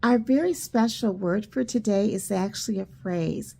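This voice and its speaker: A woman teaching a children's church school lesson, telling stories slowly and acting out the quoted lines. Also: mid-range voice, gravelly. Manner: slow, animated storytelling with quoted voices. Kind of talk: children's Bible lesson storytelling.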